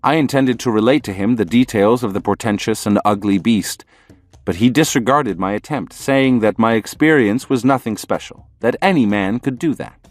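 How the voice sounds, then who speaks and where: A man narrating an audiobook in measured, storytelling fashion. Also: medium pitch, no echo.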